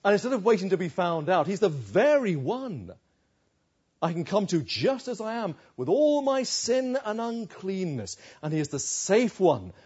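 A male preacher with a high, very animated voice and a husky edge delivers an emphatic sermon. He leans on rhetorical questions. The recording sounds slightly dull and lo-fi. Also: normal speed.

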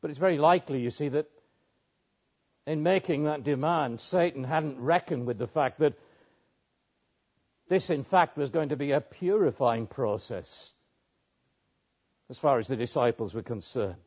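A man preaching a measured expository sermon, with pauses and small restarts. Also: mid-range voice, a little mellow, husky. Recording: muffled lo-fi sermon recording.

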